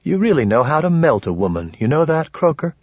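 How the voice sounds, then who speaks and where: Man doing a sharp-tongued woman, sarcastic, husky, dry lo-fi audiobook sound. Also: a little high, big pitch swings, brisk, no room sound, voice pushed up. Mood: teasing. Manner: sarcastic, teasing.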